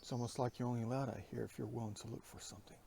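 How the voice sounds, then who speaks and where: A man's voice: medium pitch, fairly even intonation, rapid-fire, creaky, dark tone, a little hiss or hum. A man vlogging outdoors on a wooded mountain road, talking to a handheld camera and often dropping into a whisper. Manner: rambling, often drops to a whisper. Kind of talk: outdoor hiking vlog.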